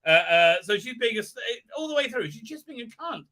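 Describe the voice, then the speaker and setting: A man's voice: very high-pitched, sing-song, fairly quick, sharp tone. A man hosting a livestream, giving scornful, sarcastic commentary that halts and restarts often. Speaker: livestream host. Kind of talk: ranting pop-culture commentary.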